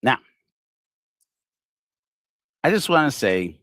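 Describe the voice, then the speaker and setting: A middle-aged man hosting a livestreamed satirical sermon, addressing his target with sarcastic, theatrical mock flattery. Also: medium pitch, slow, no room sound, studio quality. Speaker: host of a secular online congregation.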